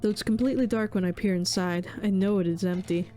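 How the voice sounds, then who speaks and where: Casting: woman streamer, mid-pitched, somber dramatic game reading, faint music underneath. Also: steady tone, fast, warm tone. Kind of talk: reading a horror visual novel aloud.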